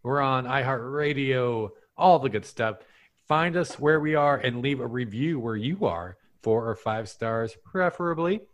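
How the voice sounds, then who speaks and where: A man's voice: medium pitch, lively intonation, measured pace. A man hosting a comedy podcast, doing a breezy, jokey outro with plugs and sign-offs. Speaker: podcast host.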